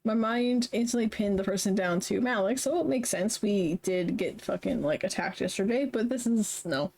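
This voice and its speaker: A young woman streamer reading a story game aloud, chatty and quick to laugh between lines. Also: medium pitch, darkish tone. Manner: chatty, laughs often, reads narration then comments. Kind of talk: reading a visual novel aloud with commentary.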